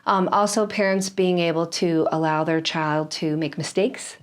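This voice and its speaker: A woman in her fifties, a longtime kindergarten teacher, answers interview questions. She speaks in a calm, measured way and often pauses on "um". Her voice sits fairly low for a woman. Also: smooth. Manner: calm, measured advice with frequent "um".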